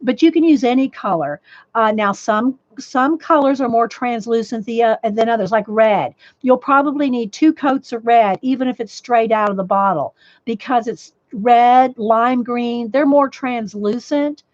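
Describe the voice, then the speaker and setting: A woman hosts a casual live-stream drawing lesson, chatting and rambling, restarting her sentences and greeting viewers by name. Her voice sits a little high and crackles faintly. The recording is muffled and dry, from a desk microphone. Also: unhurried, darkish tone, dry recording. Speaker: livestream art host. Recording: dull dry lo-fi mic audio.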